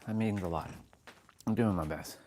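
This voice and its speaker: A man's voice: low-pitched, moderate pace, darkish tone, slight background noise. A man hosting a live workout stream, counting his exercise reps aloud and chatting with viewers in a friendly way. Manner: friendly, greets viewers as brother. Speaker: fitness livestream host.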